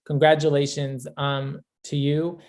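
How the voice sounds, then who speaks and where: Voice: medium pitch, flat delivery, unhurried, a little mellow. A person hosting a graduation over a video call, chatty and encouraging, with a teasing streak. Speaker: ceremony host.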